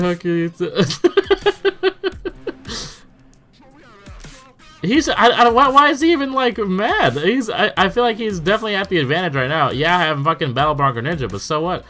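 A man's voice: high-pitched, a bit bright. A young man giving casual, profanity-laced commentary as he plays an online game, stammering and exclaiming in disbelief. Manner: swears often, stammers in bursts, exclaims in disbelief. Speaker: gaming YouTuber. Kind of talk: casual live commentary over gameplay.

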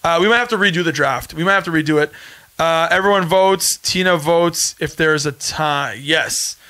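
A man's voice: on the high side, moderate pace, pushed and bright. A Canadian man in his thirties hosting a casual livestream podcast, talking emphatically, repeating his points and reading viewer comments. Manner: emphatic, repeats himself, insistent. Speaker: podcast host and former reality show contestant.

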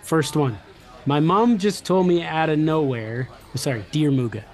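A man's voice: fairly high pitch, normal speed. A man co-hosting a podcast in a casual chat, telling stories with energy and reading listener letters aloud. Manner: animated, jokey storyteller who reads out listener letters. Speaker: podcast co-host.

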